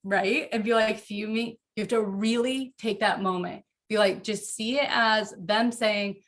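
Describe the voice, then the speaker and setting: A woman talking earnestly about parenting in a casual interview from home, animated and quick to laugh. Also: medium pitch. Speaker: podcast guest, author.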